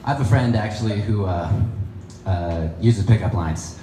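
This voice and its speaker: A man's voice: on the low side, moderate pace, mellow. A young man doing a stand-up comedy set on stage, with chatty, nerdy, self-deprecating delivery. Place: comedy stage before an audience. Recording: echoey room with noise.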